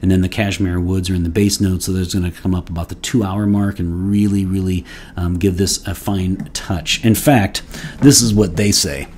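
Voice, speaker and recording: A man's voice: low-pitched, flat delivery, moderate pace, darkish tone, slight background noise. A man hosting his own fragrance review channel, talking casually in a rambling way with playful mock outrage and many restarts. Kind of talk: casual solo product review.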